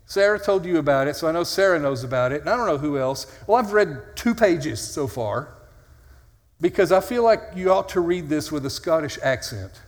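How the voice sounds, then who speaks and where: A man's voice: a little high, expressive, moderate pace. A male pastor preaching an earnest, conversational sermon with dry, self-mocking humor. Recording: long hall reverb.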